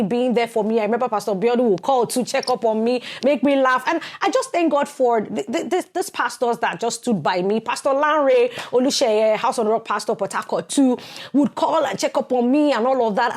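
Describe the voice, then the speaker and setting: Podcast co-host: Nigerian woman, forties, a touch higher than most, animated storyteller who acts out the voices of others. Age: 40s. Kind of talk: personal testimony on a podcast.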